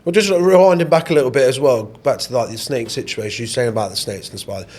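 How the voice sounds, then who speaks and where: A man's voice: medium pitch, a little mellow. A young man, co-hosting a podcast, asking questions and reacting chattily. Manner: chatty interviewer, quick to react. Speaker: podcast co-host. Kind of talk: casual chat.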